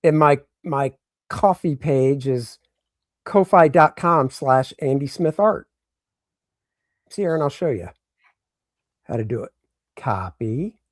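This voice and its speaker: A man on a casual livestream chat, wry and teasing with the others. His voice sits at an ordinary pitch, and the recording is dry with no room sound. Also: lively intonation, slow pace, pauses often, dry recording. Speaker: comic book artist.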